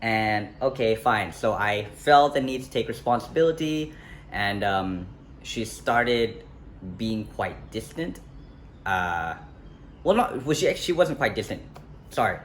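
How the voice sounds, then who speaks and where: A young man tells a personal story in a loose, casual vlog style. His voice sits on the low side, and he rambles, backtracks and leans on fillers. Faint outdoor ambience hums behind him. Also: expressive, slow. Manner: rambling, self-correcting, many fillers and "like". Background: faint street ambience, passing traffic.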